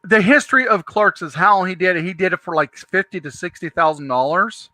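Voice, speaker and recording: Male host, casual storyteller, high bright tone, dry room. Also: fairly quick, dry recording. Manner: rambling, animated storyteller with many restarts.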